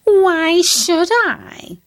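A woman voicing a skinny, hungry cat that whines in a high, drawn-out voice. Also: lively intonation, fairly bright tone, exaggerated voice. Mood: whining. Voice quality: whiny, drawn-out.

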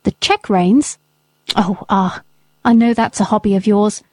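A woman's voice: mid-range voice, fairly even intonation, measured pace, no echo, close to an everyday voice. A woman reading as a breezy, offhand army captain. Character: breezy military captain, adult gentleman. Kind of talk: audiobook character reading.

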